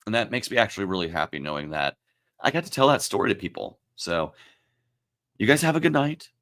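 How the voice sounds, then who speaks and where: A man's voice: deep voice, fairly bright tone. Emotional man turning forty. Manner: emotional, reflective, halting. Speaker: livestream host. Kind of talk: casual livestream talk.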